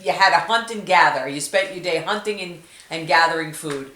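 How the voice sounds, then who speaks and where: A woman in casual chat, answering in a slow, easygoing way. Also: on the low side, sharp tone, reverberant, slight background noise.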